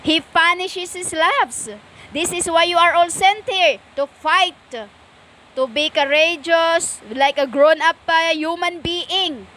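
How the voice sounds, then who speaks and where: Woman, stern lecturing preacher; very slow, halting delivery, bright tone. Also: extremely high pitch. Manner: stern and lecturing, slow with many pauses and fillers. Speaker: self-styled preacher. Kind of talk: impassioned spiritual monologue.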